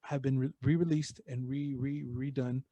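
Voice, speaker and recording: A man's voice: mid-range voice, level tone, moderate pace, warm tone, no echo, dull audio. A man co-hosting a podcast, chatting casually and rambling, swearing freely and slipping in bits of Spanish slang. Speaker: podcast co-host. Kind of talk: casual chat.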